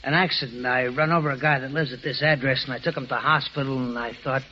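An actor playing a rough-spoken, aggrieved driver in a 1940s radio drama, on a dull old recording. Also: male voice, mid-range voice, fairly even intonation, fast, slight background noise, lightly acted. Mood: awkward. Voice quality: rough everyday speech.

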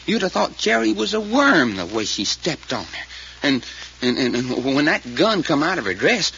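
A folksy sidekick w/ rural grammar, drawling, old lo-fi radio sound w/ faint hiss. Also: male voice, fairly high pitch, very animated, moderate pace, gravelly, sharp tone, heavily acted. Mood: earnest. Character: folksy adult male sidekick telling what he saw. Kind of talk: 1940s radio acting.

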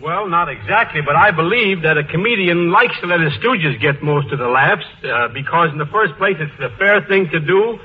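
A male comedy writer on a 1940s radio panel, easygoing and quick to joke. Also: fairly high pitch, expressive, a little hiss or hum. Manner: joking, easygoing. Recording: muffled old radio broadcast.

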